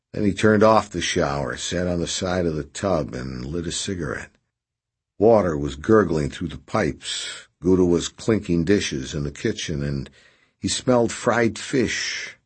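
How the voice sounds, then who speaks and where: A man narrating a novel as an audiobook, steady and unhurried. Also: low voice, breathy edge.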